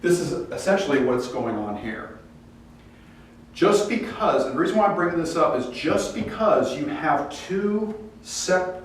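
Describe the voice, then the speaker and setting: A man teaching a Bible class in a casual lecture style, acting out quoted lines with lively pitch jumps. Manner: animated, acts out quoted dialogue with rising pitch. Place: church classroom. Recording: distant echoey room mic with faint noise.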